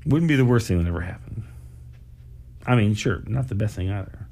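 A man's voice: lowish voice, expressive, fairly quick, warm tone. A man hosting a live stream, rambling casually with apologies and laughs.

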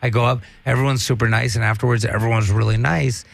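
A man's voice: mid-range voice, fairly even intonation, fast, creaky, no echo. A man, a stand-up comedian, telling rambling, profane stories in casual chat.

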